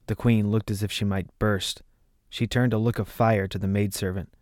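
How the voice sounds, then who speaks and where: Man, audiobook narration, measured and steady, low voice, dry close sound. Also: no echo.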